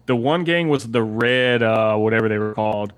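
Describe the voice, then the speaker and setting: A man's voice: on the low side, normal speed, clear, resonant tone. A man discussing a movie in casual chat, rambling with frequent fillers and restarts. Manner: rambling, hesitant, many fillers.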